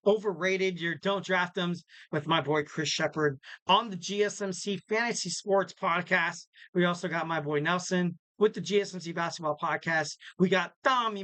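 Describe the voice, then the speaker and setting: A man's voice: high voice, sharp tone, no room sound, poor audio. A young man hosting a casual sports podcast, rambling through his sign-off with jokey, self-deprecating asides. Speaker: podcast host.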